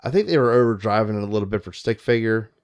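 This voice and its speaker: A man's voice: lowish voice, quick pace, a little mellow, lo-fi sound. A man co-hosting a podcast, chatting enthusiastically and swearing casually. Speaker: podcast co-host. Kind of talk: casual chat.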